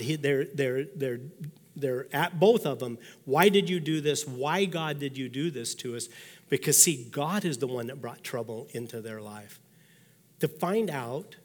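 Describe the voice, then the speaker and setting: A man in his sixties, a pastor giving a sermon, telling personal stories in a folksy way and acting out the thoughts he quotes. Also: mid-range voice. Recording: long reverb of a large hall.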